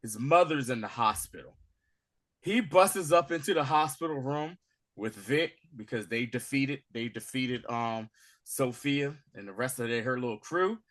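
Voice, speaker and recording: A man hosting a casual recap, acting out scenes with slang and swings from loud to hushed. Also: medium pitch, expressive, measured pace. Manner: acts out scenes in dramatic voices, swinging from shouting to hushed; profane, street slang. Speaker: podcast host recapping a TV episode.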